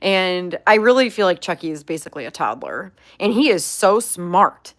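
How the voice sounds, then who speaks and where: A woman's voice: fairly low pitch, big pitch swings, normal speed, fairly bright tone. A young woman chatting casually about her pet, answering viewer questions with lots of filler words. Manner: chatty, upbeat, many "like" fillers. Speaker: pet pig owner, channel host.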